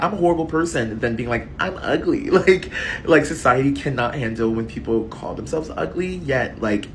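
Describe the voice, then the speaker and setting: Man, casual monologue, frank and rambling, mid pitch, faint low rumble behind. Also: low-quality recording. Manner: frank, rambling, filler-heavy with frequent "like" and "right?". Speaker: social media commentator.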